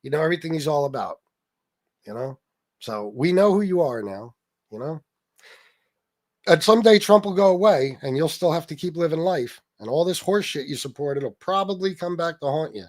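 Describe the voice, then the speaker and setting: A middle-aged man rants through a political livestream, voice sitting a little on the higher side. He swears freely, turns sarcastic and fires back at viewers in the chat. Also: lively intonation, normal speed, long pauses. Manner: angry, profane, sarcastic, talks to chat. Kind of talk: ranting livestream commentary. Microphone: streaming mic.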